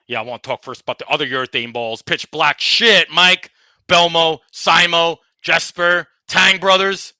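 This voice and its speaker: A man's voice: a little high, steady tone, normal speed, sharp tone, dry recording. A man voicing a tough-talking bowling ball in a comedy podcast skit, griping and boasting as he trash-talks and keeps saying the host's name. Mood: boastful. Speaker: guest.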